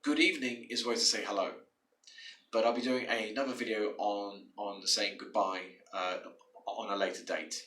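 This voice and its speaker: A man's voice: fairly low pitch, fairly even intonation, moderate pace, sharp tone, recorded from a distance. A man teaching English to learners, patient and explanatory, often repeating words and restarting phrases. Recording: echoey room, away from the mic.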